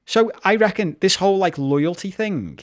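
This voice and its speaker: A football podcast co-host with a high, animated voice talks at a moderate pace. In the casual back-and-forth he grows heated and passionate, curses freely and keeps restarting his sentences.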